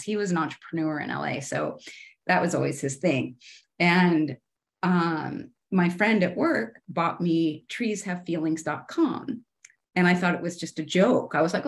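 At a normal speed, this middle-aged former TV showrunner turned artist chats animatedly as a podcast guest, spinning stories in a casual interview. When she quotes herself from the past, she shifts into a higher voice.

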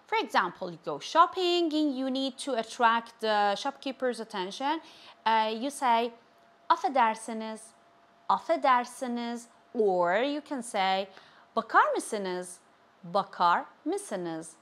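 A woman giving a language lesson, saying each phrase slowly and repeating it with care. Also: a little high, a bit bright. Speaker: language teacher. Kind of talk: slow, clear language lesson.

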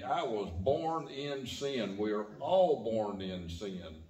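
A man's voice: animated, takes it slowly, few pauses, a little mellow. Man preaching in an echoey church. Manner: preaching with sudden rises and drops in pitch and volume. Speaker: pastor. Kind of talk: sermon. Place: church sanctuary.

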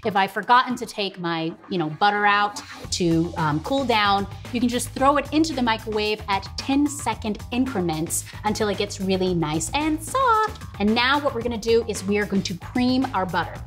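A woman's voice: mid-range voice, animated, moderate pace, few pauses, soft background music. A woman hosting a casual cooking tutorial in her home kitchen, chatting straight to viewers and laughing often. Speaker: host.

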